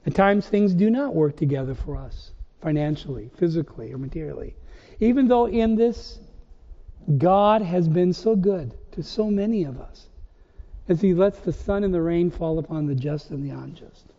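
High-voiced preacher in an echoing hall. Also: male voice, animated, moderate pace, mellow. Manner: preaching with rhetorical questions and emphatic rises. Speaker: pastor. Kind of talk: sermon. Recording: dull, lo-fi recording in a reverberant church hall.

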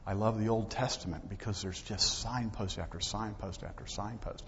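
Low-voiced man preaching in a hall. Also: steady tone, moderate pace, gravelly, fairly bright tone, slight background noise. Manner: conversational preaching with acted-out dialogue. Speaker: pastor. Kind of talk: sermon. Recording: dull lo-fi audio with long hall reverb.

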